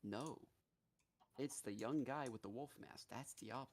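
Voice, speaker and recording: A man on a live gaming stream casually retelling a story, animated and profane, with many fillers. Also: medium pitch, measured pace.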